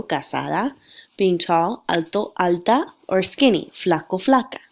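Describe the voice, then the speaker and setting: A woman, a Spanish teacher with a cold and sniffles, giving a patient, clearly explained recorded lecture. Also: on the low side. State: sick with sniffles.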